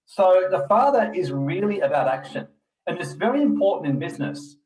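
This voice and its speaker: A man's voice: high voice, very animated, fairly quick, darkish tone, low-quality recording. A middle-aged man giving a blunt, preachy motivational talk to a group, swearing freely as he goes. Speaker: personal development speaker.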